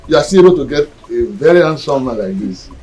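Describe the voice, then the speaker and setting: An actor with a Nigerian accent playing a pleased middle-aged uncle blessing a suitor. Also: male voice, mid-range voice, lively intonation, fast talker, darkish tone, slightly rough, soft background music. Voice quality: expansive, approving. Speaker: uncle of the bride.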